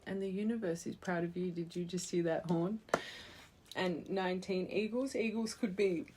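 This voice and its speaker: A woman's voice: fairly low pitch, fairly even intonation, normal speed, noisy background. A woman giving a spiritual tarot reading to her viewers, earnest and encouraging, thinking aloud as she goes. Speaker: tarot reader.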